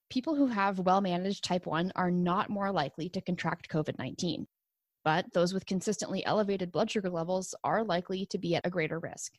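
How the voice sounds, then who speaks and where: Gravelly woman podcast host. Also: medium pitch, no echo. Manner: steady, informative reading. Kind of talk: podcast hosting and reading. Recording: dry close recording.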